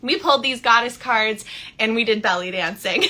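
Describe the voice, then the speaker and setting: A woman in her thirties, a spiritual coach, talking casually on a live stream with warm enthusiasm and frequent laughter. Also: on the high side, moderate pace. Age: 30s. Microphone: phone.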